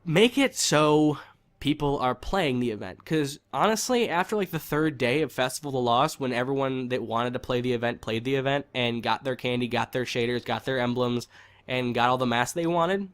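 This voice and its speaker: A man giving a heated, frustrated opinion rant on a video game, swearing and repeating himself for emphasis. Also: medium pitch. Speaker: gaming commentator.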